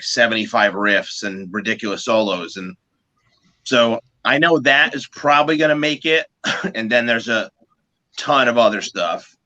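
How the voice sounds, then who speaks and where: A man with a bright, forward voice tells band stories in a loose, animated way. He swears freely and backs up to restart sentences as he goes, pitched in an ordinary middle range. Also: rough recording. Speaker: guest musician. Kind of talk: casual storytelling.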